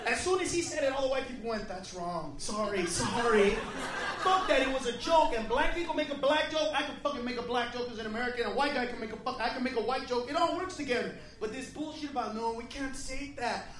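A male stand-up comedian performing a brash, profane set, shouting at the crowd from a club stage on a handheld mic. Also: very high voice, fast, few pauses, background noise. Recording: roomy club with loud crowd. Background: audience laughter and murmur.

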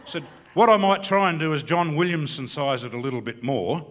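A man's voice: mid-range voice, quick pace, hardly any pauses. A middle-aged man with an Australian accent, rambling through a stand-up story and reciting a comic bush poem in a laconic way. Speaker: comedian and bush poet. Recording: long hall reverb.

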